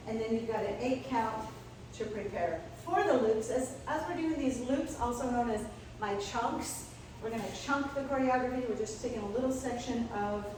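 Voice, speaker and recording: A woman's voice: fairly high pitch, recorded from a distance, noisy background. Woman calling dance steps in an echoey room. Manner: rhythmic, calling out steps in time. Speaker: dance instructor. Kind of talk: counting and cueing a dance class. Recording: echoey room, mic from afar.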